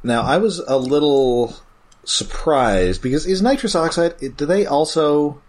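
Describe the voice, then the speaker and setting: Lively-voiced man recapping a cartoon. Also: fairly high pitch, measured pace. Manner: rambling, restarts, playful asides. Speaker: podcast co-host. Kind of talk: casual episode recap chat.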